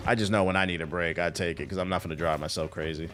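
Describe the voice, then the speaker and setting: A man's voice: sits low, fairly even intonation, racing, noisy background. A man streaming a game and chatting casually with viewers in a joking, profane, rambling way. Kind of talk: casual chat while gaming.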